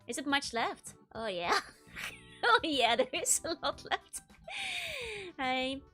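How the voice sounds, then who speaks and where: A woman's voice: high-pitched, lively intonation, takes it slowly, pushed and bright, faint music behind. A young woman from the Netherlands, a streamer chatting casually and giggling often as she plays. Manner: giggly, laughs often, rambling. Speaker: VTuber streamer. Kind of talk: casual chat while gaming.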